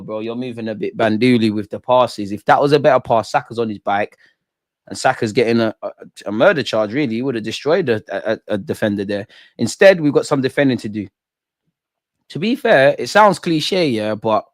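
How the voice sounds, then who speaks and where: Excitable young football streamer. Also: male voice, medium pitch, moderate pace, no room sound, clean studio sound. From England. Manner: excitable, jokey, slangy, talks to chat. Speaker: football watch-along streamer. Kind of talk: live match watch-along banter.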